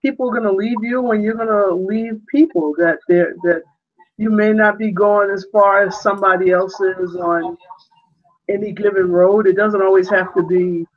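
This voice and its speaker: A woman's voice: mid-range voice, steady tone, normal speed, narrow, tinny audio. A woman in a casual discussion over a video call, reflective and given to laughing stories.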